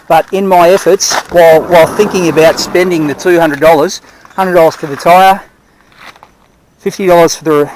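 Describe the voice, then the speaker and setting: A man's voice: fairly high pitch, a little hiss or hum, poor audio. A man vlogging on the road, talking casually in a rambling way and repeating and restarting his phrases. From Australia. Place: on the road near his van, outdoors.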